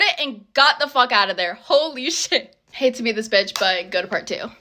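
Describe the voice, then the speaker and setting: Bright, high-voiced young woman telling a storytime. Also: big pitch swings, normal speed, slight background noise. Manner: blunt and heavily profane, sarcastic. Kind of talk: casual storytime.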